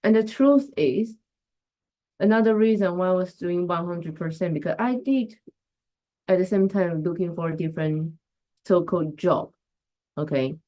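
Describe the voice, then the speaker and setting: A woman's voice: on the low side, normal speed, long pauses, dark tone. A woman hosting a casual live stream as a coach, talking reflectively and greeting viewers by name. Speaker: host and coach.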